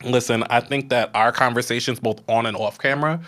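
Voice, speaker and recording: A man's voice: medium pitch, fairly even intonation, fairly quick, a bit bright. A man co-hosting a casual podcast chat, affectionate and encouraging toward his co-host.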